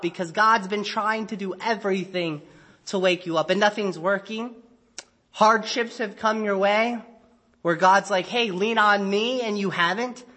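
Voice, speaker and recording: Man, high voice, church sermon, conversational, acted-out asides, drops low and soft for emphasis. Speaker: pastor. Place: church sanctuary.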